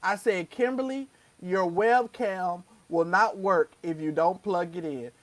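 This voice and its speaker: A woman with a fairly low voice speaks a little slowly as she co-hosts a live stream show. She chats casually and tells a story with animation, acting out the quotes. There's no echo on the audio.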